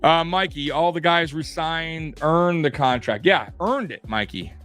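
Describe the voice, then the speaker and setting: Man, casual sports co-host, bright forceful voice, rambling with restarts, swears freely, faint music behind. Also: fairly high pitch, a little slow. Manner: rambling, profane, many restarts and fillers. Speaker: podcast co-host.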